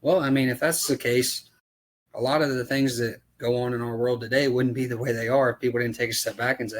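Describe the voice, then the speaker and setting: A race car driver on a podcast, ranting about racetracks in casual, profane talk full of rhetorical questions. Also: male voice, medium pitch, steady tone, fairly quick. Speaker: dirt late model race driver.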